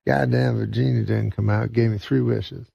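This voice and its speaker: A boastful rich man, put on by a man telling a joke, brags in a husky, gravelly drawl. The recording is dull and dry. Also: mid-range voice, steady tone, moderate pace, dark tone, dry recording. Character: boastful middle-aged man telling of a genie.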